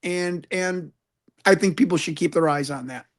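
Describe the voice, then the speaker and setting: A man's voice: a little high, normal speed. A man, a guest and UFO investigator, talking earnestly in an interview, often repeating words as he searches for the next thought. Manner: earnest, preachy, repeats words when stuck. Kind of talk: conversational interview.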